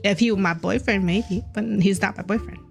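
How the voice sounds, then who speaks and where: A woman's voice: mid-range voice, fairly quick, vocal fry, faint music behind. A woman streaming an otome game, reading its dialogue aloud and chatting playfully with her viewers, with small changes of voice for the characters.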